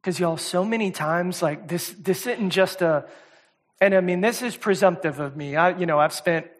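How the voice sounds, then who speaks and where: A man preaching a sermon as a guest speaker, talking casually and repeating words, swinging between loud emphatic stretches and quiet soft ones. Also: sits high, moderate pace. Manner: conversational, repeats words and says "y'all" often. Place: church service.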